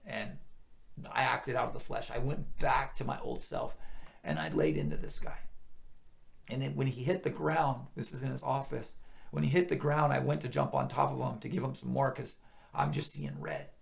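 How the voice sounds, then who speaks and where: Gravelly-voiced man telling his testimony. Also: medium pitch, expressive, moderate pace. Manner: earnest, drops to hushed near-whispers when emotional. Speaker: guest sharing testimony. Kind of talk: emotional personal testimony.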